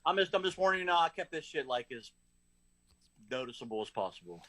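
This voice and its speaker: A man's voice: fairly high pitch, big pitch swings, quick pace, sharp tone, dry recording. A man on a podcast, casually telling a rambling story, full of "like" fillers. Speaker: podcast co-host. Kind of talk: casual chat.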